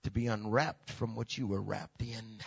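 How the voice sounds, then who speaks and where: A man preaching a sermon who swings from hushed tones to shouting and repeats words for emphasis. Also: fairly low pitch, steady tone, moderate pace, creaky, breathy edge, highs cut off. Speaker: pastor.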